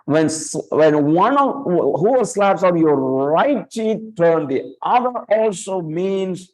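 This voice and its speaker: Slow-talking guy teaching a bible class, keeps saying "right?" and repeating himself. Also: high voice, animated, rough recording. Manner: repeats key words and checks in with "right?"; reads scripture quotes with raised emphasis. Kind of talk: classroom lecture.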